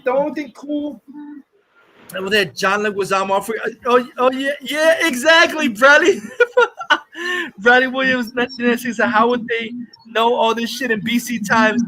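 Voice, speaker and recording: A man's voice: extremely high pitch, moderate pace, bright, forceful tone, poor audio. A man hosting a live stream, rambling through a profane, exasperated movie rant full of restarts and swearing. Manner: exasperated, scoffing. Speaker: host reviewing a movie.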